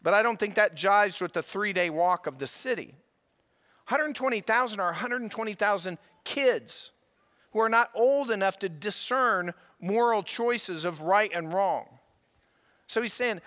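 A man preaching a sermon, emphatic, moving between quiet asides and raised, pointed questions. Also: sits high, expressive, unhurried, in a large hall. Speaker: pastor.

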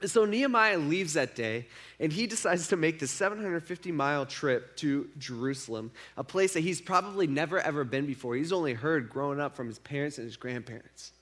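A man's voice: fairly high pitch, lively intonation, fairly quick, a bit bright. A young man giving a casual sermon, retelling a story in a conversational way with lots of fillers. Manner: conversational, filler-heavy storytelling with acted quotes. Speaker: preacher.

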